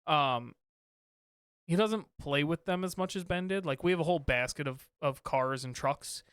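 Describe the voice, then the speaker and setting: Dad in his 30s rambling on a podcast, smooth clear voice, kinda high, dry close mic. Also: normal speed, a bit bright, no echo. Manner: rambling, many fillers and restarts. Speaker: podcast co-host, father. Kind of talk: casual chat.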